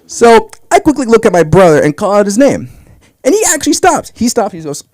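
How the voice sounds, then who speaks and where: A man's voice: high voice, wildly swooping pitch, a little fast, darkish tone, no echo, studio quality. A young man telling crude, brash stand-up stories about his family on a comedy club stage. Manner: brash storytelling, crude punchlines.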